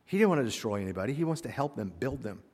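A man's voice: mid-range voice, big pitch swings, racing, husky. Preaching man in a reverberant church. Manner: dynamic preacher, swinging from quiet asides to loud exhortation. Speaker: pastor. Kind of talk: sermon. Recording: long hall reverb.

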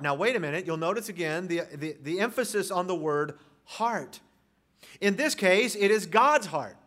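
A man's voice: high voice, lively intonation, normal speed, a bit bright. A man preaching an expository sermon, reading scripture aloud and speaking directly to his congregation. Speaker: pastor.

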